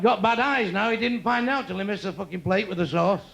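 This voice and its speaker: On a comedy club stage, a stand-up comedian in his sixties brashly teases audience members with crude material. His high, gravelly voice moves a little fast with few pauses. The muffled recording picks up a noisy live room full of crowd laughter.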